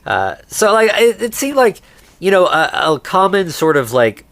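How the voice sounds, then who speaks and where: A man co-hosting a podcast, casually recapping a movie and putting on quick voices for its characters. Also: sits high, big pitch swings, vocal fry, a bit bright, dry recording. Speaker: podcast co-host.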